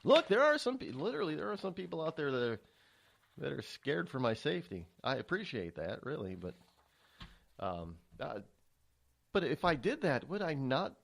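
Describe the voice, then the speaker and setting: A man's voice: a little high, vocal fry. A man hosting a political talk radio show, rambling and stammering through a monologue with many restarts.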